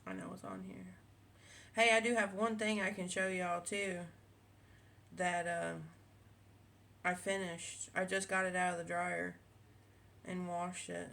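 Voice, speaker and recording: A woman's voice: on the low side, level tone, a little slow, creaky, pauses often, a bit bright. A woman, a quilting vlogger chatting casually at home, rambling with many fillers and restarts. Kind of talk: casual chat. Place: home with cats.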